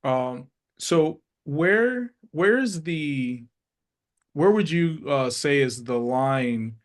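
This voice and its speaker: A man hosting an interview, asking long questions slowly and hesitantly with many fillers. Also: on the high side, expressive. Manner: slow, hesitant, lots of ums. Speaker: interview host.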